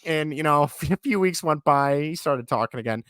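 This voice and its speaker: A man in his thirties co-hosting a podcast in casual chat, animated and laughing easily, with a sick voice. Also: fairly high pitch, normal speed, smooth, dry recording, studio quality. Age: 30s. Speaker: podcast co-host.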